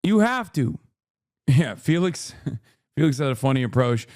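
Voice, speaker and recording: A man's voice: mid-range voice, very animated, measured pace, darkish tone, dry recording, studio quality. A man giving heated political commentary as a streamer, exasperated and swearing often.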